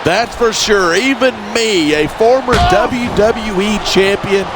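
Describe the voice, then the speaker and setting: An actor playing an opinionated male former champion doing color commentary in a wrestling game, gruff and grumbling. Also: high voice, slow. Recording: loud crowd and game noise.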